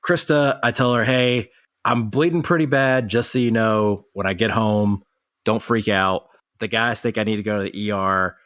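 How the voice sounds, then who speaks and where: An American man co-hosting a podcast, retelling an accident in a brisk, animated way, quoting what everyone said. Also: lowish voice, dry recording, studio quality. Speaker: podcast co-host. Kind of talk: casual storytelling chat.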